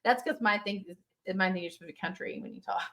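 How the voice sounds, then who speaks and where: A woman's voice: mid-range voice, quick pace, a bit bright. A middle-aged woman hosting a podcast, chatting casually and playfully with lots of fillers. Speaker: podcast host. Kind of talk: casual chat.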